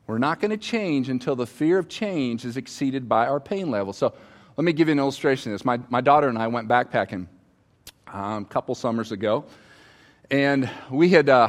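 Middle-aged male pastor, conversational sermon from the stage, storytelling, calls on the audience, mid-range voice. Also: medium pitch. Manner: conversational, asks the audience to respond, tells personal stories. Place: on stage before a congregation.

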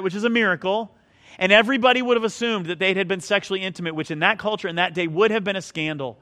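Middle-aged man, pastor, high bright voice, chatty self-deprecating sermon storyteller. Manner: conversational, self-mocking storytelling.

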